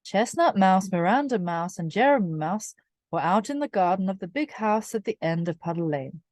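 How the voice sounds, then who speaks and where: A woman reading a children's storybook aloud, slow, clear and expressive for young listeners. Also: medium pitch, no room sound, clean studio sound. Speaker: reader.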